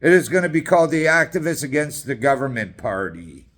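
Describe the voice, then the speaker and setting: A man's voice: mid-range voice, big pitch swings, a little fast, a bit bright. Angry, profane man ranting. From Canada. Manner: profane, combative, sarcastic. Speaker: political activist. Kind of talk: angry political rant.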